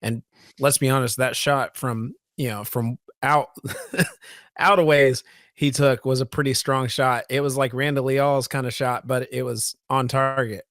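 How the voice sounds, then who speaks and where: A man's voice: mid-range voice, fairly even intonation, unhurried, a bit bright, no room sound. A man in the middle of his range talks sports on a podcast, keen and a little tumbling, often circling back to restart a thought. The sound is close and dry, with almost no room around it. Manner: enthusiastic, restarts and repeats words often. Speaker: podcast co-host. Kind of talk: casual sports podcast chat.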